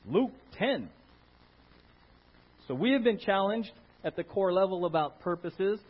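Male pastor, sermon, high lively voice, husky, dull lo-fi audio. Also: a little slow. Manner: animated, calls for Amen from the congregation.

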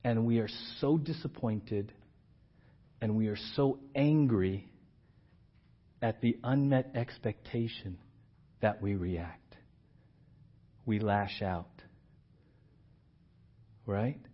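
A man preaching a sermon as pastor. He acts out the scripture voices with big jumps in pitch and loudness and keeps asking his congregation "right?". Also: slow, long pauses. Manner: animated, acts out quoted lines with big swings in pitch and volume; asks the congregation questions and often checks in with "right?". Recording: dull lo-fi church audio.

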